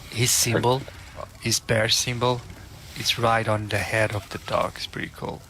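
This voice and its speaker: A man's voice: lowish voice, level tone, unhurried, sharp tone, slight background noise. A man chatting casually during a game, tossing in short, offhand remarks. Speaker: fellow player on voice chat.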